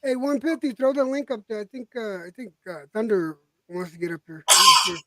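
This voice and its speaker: A woman's voice: mid-range voice, fairly even intonation, a little fast, heavy background noise. A woman in a casual chat who talks bluntly, curses freely and reassures the people she is talking with.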